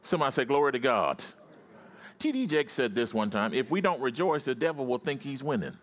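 A man preaching a sermon, telling stories and calling on the congregation to answer back, swinging from low storytelling to high rising exclamations. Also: very animated, fairly quick. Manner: repetitive, call-and-response preaching.

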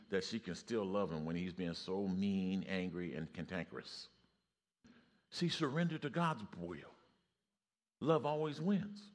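A man preaching a sermon, telling stories and rising to loud exclamations. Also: low-pitched.

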